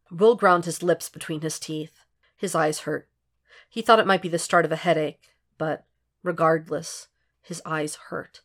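Woman reading a story, low voice. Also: steady tone, a little slow. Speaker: audiobook reader. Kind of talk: fan fiction audiobook narration.

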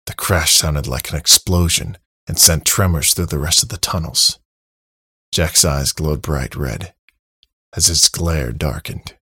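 A man narrating a story in a steady, dramatic reading with a husky, creaky voice. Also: extremely low pitch, measured pace, dry recording. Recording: dry close mic, faint music.

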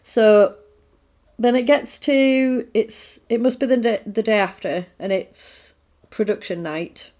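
A woman's voice: fairly high pitch, slow pace, a little mellow. Woman, casual film recap, conversational and rambling. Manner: rambling, retelling with fillers and asides.

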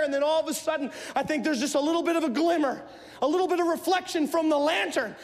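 Male pastor, animated shouting preacher, gravelly, long church reverb. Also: extremely high pitch, fairly quick. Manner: animated, often shouting storyteller. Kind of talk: sermon. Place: church sanctuary. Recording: echoey church hall.

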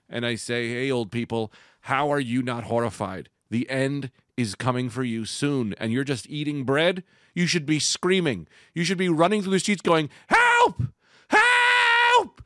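A man hosting a casual podcast, a little stoned, launching into rambling, excitable comic rants. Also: mid-range voice, no echo, studio quality. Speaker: podcast host.

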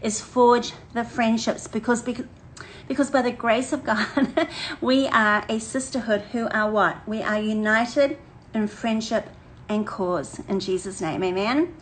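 An older woman, chatting warmly and energetically to a women's church group, laughing often and repeating phrases. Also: a little high, unhurried, slight background noise, poor audio. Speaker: women's ministry leader. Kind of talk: casual livestream chat to a women's group.

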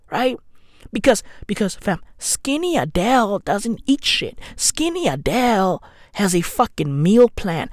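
Slow, slangy man ranting. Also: high voice, no room sound, studio quality. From London. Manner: slangy, sardonic rant with mock apologies. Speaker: comedian and podcaster. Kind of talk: profane comedic monologue. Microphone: new studio microphone.

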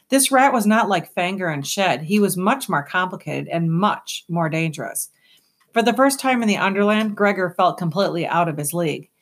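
A woman reads a children's fantasy novel aloud with expressive, lively storytelling. Her voice sits slightly low and she keeps the narration engaged. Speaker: audiobook narrator.

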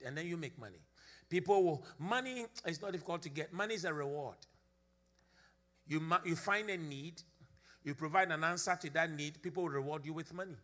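Bright-voiced man preaching a sermon. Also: a little high. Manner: emphatic, repeats phrases, calls on congregation. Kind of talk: sermon with prayer and call-and-response. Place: church service.

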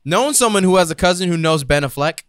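Young male host, teasing questioner, animated pitch, slightly high voice. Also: fast, clear, resonant tone, dry recording, studio quality. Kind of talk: casual chat.

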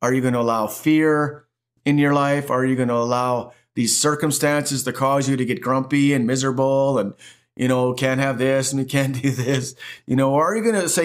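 A middle-aged man preaching a sermon as pastor, emphatic and animated, with lots of repetition. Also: medium pitch, fairly quick.

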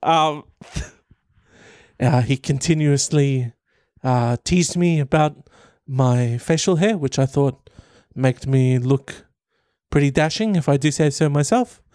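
A smug, rambling male schoolteacher played by a man talks in a put-on New Zealand accent, halting with little pauses as he defends himself. The voice is smooth and fairly high. The sound is dry and close. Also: darkish tone, no echo. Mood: defensive. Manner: rambling, halting, self-satisfied. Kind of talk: comic impression in a commentary video.

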